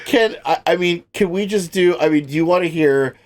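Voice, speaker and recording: A man with a fairly high voice co-hosts a casual podcast. He cracks up often and drops swear words without a second thought. His talk is loose and unscripted. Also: moderate pace. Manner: laughs often, swears freely. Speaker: podcast co-host. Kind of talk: casual chat.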